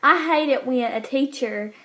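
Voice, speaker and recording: Teen girl, slightly high voice, rambling, full of fillers. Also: moderate pace, sharp tone, slight background noise. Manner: rambling, hesitant, many fillers. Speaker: co-host. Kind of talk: casual chat.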